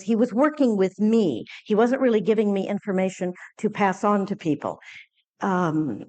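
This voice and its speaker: A woman speaking at a conference, telling a personal story with lively acted-out dialogue and frequent fillers and restarts. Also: medium pitch. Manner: animated storytelling, acting out quoted dialogue. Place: conference lecture hall.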